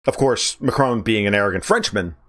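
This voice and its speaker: Male podcast host, low pitch, rambling and profane, opinionated commentary. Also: lively intonation, brisk, a bit bright. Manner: rambling, blunt, profane, with many restarts. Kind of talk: political commentary monologue.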